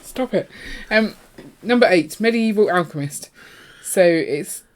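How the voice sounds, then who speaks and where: A woman co-hosting a podcast in casual chat, playful and teasing, getting excitable. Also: mid-range voice, a little slow. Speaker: podcast co-host.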